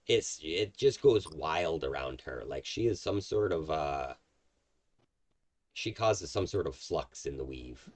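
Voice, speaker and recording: A man narrating as game master of a tabletop game, explaining at length with many fillers. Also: low voice. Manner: rambling, filler-heavy explaining.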